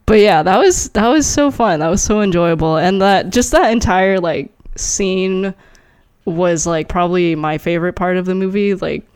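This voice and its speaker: Animated young woman, dry close sound. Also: fairly low pitch, normal speed, clear, resonant tone, dry recording. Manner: animated, laughing, swearing, heavy use of "like". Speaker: podcast co-host. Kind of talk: casual chat.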